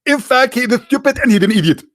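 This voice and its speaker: A man's voice: very high voice, expressive, fast talker, fairly bright tone, voice pushed up. A man doing a mocking impression of a pompous male preacher lecturing his audience in a raised voice.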